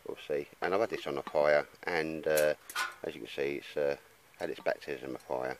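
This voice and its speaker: With a bass voice and a steady tone, a man vlogs at a moderate pace to a handheld camera out in the woods, with background noise behind him. He's an outdoor gear vlogger, casual and rambling, blokey, calling folks "mate."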